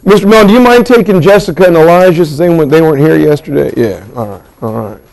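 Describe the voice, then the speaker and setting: Male teacher lecturing a class, lively storytelling manner, voice on the high side. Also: fast talker, creaky, low-quality recording. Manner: animated storytelling with pop-culture asides. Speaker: history teacher.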